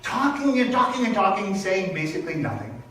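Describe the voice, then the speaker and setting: An older man from Canada giving a personal sermon at a church service, telling stories with animated, emphatic repetition. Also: sits high, a little fast. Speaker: speaker at a spiritual church service. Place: large echoey hall. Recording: very echoey hall from far off, faint noise.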